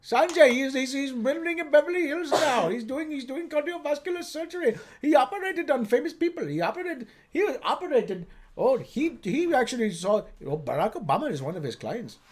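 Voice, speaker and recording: A man's voice: extremely high pitch, lively intonation, a little fast. A man putting on an Indian accent to voice a nagging father who scolds his grown daughter over and over. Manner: mock-scolding, repetitive, exasperated.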